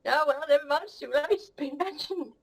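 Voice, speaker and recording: A woman's voice: high voice, a little fast, vocal fry, voice pushed up, rough recording. A woman voicing a vain, cheeky female cat who rambles rudely and admires herself. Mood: cocky rambling. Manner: rambling, rude, self-admiring, giggly. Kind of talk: comic puppet-style monologue.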